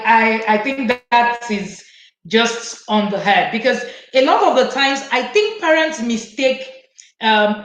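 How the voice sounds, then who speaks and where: A woman's voice: fairly high pitch, fairly bright tone. A woman host of an online parenting talk who reads out viewer questions and makes her points emphatically. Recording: echoey room.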